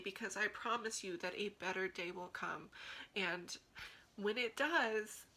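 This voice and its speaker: A woman's voice: medium pitch, fairly even intonation, normal speed, bright, forceful tone, low-quality recording. A woman vlogger giving a heartfelt, earnest talk to camera, pleading and encouraging.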